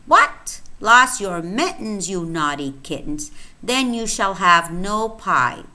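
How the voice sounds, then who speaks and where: A woman playing a stern mother cat from a storybook rhyme, bursting out high and loud and then dropping into a scold. Her voice is bright and the reading is slow. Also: sing-song, heavily acted.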